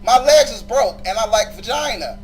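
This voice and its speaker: A man's voice: high-pitched, lively intonation, moderate pace, rough recording. A man ranting aggressively and with passion in a profane vlog, arguing with his viewers and with a woman on the phone. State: injured leg. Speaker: vlogger.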